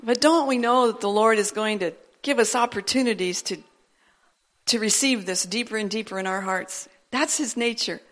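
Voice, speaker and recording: A woman preaching a sermon in a church service, animated and building to emphatic declarations. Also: a little high, moderate pace.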